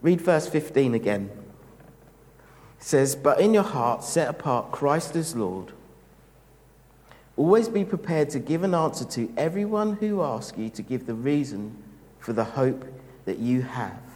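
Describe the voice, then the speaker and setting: Slow, gentle man preaching in a hall. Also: medium pitch, lively intonation. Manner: gentle, reflective, unhurried. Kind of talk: sermon.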